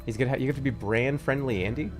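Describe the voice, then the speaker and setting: A man in his thirties chatting casually with his live chat, animated and jokey, swinging between loud outbursts and low mutters. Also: racing, over music. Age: 30s. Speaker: livestreamer.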